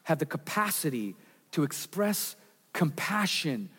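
Male pastor, high-pitched, earnest sermon delivery with dramatic drops, long church reverb. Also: very animated, unhurried, a bit bright, breathy edge. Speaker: preacher. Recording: reverberant hall.

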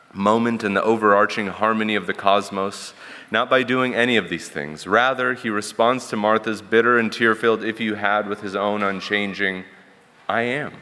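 A man's voice: on the low side, sharp tone, big-room sound. A man preaching a sermon in an earnest, emphatic way, building points through rhetorical repetition.

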